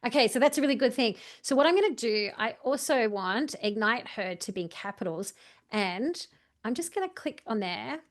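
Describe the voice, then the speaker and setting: A woman's voice: fairly high pitch, animated, moderate pace. A woman coaching a video editing tutorial, chatty and walking through each step while correcting herself as she goes. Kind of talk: screen-share editing tutorial.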